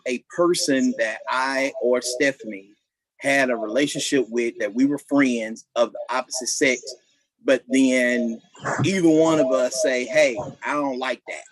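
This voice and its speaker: A man's voice: mid-range voice, no echo, rough recording. Rambling man, dry close sound. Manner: rambling, halting, many restarts. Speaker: married guest on a couples panel. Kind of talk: casual panel discussion.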